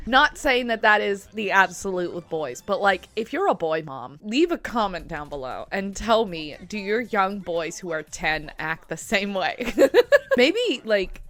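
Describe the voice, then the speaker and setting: Sitting in a desk chair in a room at home, a young woman with a lowish, slightly bright voice chats casually and giggles while reacting to a cartoon. She's chatty and says "like" constantly.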